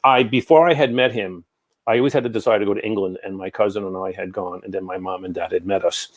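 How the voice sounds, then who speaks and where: An older man tells rambling stories in a relaxed interview, circling back with asides and quick quotes of what people said. His voice sits a bit low for a man. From New York. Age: 60s. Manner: rambling, animated anecdotes with many asides. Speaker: guest, psychic medium. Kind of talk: casual storytelling in an interview.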